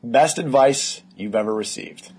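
Upbeat husky male podcast host. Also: medium pitch, unhurried, darkish tone. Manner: upbeat, encouraging, sums up the guest's points. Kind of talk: podcast interview.

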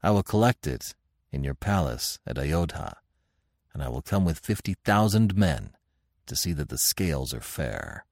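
A man voicing a fierce, battle-bloodied barbarian war chief with a gruff, commanding manner, in an audiobook reading. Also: rumbling low, sing-song, moderate pace, a little mellow, no room sound, studio quality, pitched below the performer's own voice, full character voice. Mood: grim, proud.

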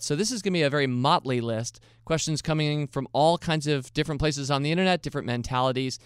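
Recorded dry with clean studio sound, this American podcast host has a smooth, mid-range voice. He works through listener questions about investing in a chatty, cheerful solo show, with an occasional soft laugh.

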